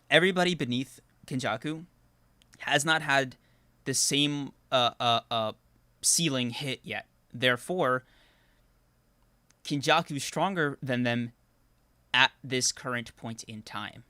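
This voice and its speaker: A man's voice: medium pitch, a little slow, pauses often, pushed and bright, dry recording. A man co-hosting a casual anime podcast stream, laying out his argument step by step and laughing easily. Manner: argumentative, laughs often, hedging fillers. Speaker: podcast co-host.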